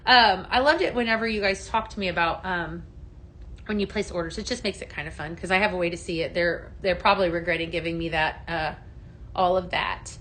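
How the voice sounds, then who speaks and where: A woman's voice: lowish voice, fairly quick, a bit bright, a little hiss or hum. A woman hosting a casual home-product livestream, chatty and upbeat, greeting viewers by name as she reads their comments. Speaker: livestream shopping host.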